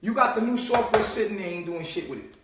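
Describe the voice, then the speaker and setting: High-voiced, profane man in an echoey room. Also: quick pace, heavy background noise. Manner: streetwise, profane, mocking, swings between low mutters and loud outbursts. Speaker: host. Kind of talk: casual live-stream monologue. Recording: echoey room, far from the mic.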